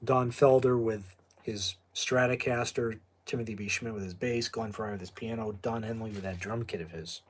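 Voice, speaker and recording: A man's voice: lowish voice, fairly even intonation, normal speed. A middle-aged man with a New England accent, chatting casually and drifting off on tangents. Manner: rambling and digressive, with asides and laughs. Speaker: video host. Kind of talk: casual chat.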